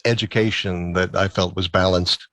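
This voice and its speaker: Low-voiced, chatty male interview guest. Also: fairly even intonation, normal speed, fairly bright tone, dry recording. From Massachusetts. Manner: talkative, chuckling storyteller. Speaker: guest, musician and former DJ. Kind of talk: casual interview storytelling.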